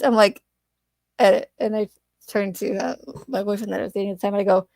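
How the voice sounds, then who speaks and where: A woman's voice: mid-range voice, little pitch movement, quick pace, creaky, darkish tone, dry recording. A woman hosting a casual livestream chat, telling stories animatedly with fillers and frequent laughs. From Arizona. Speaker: channel host.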